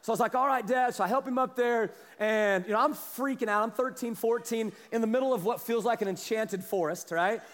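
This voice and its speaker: A man preaching a sermon as a pastor, telling a story with animated energy and a slight cough. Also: sits high, fairly quick, few pauses, in a large hall. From Kansas, US. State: has a cough.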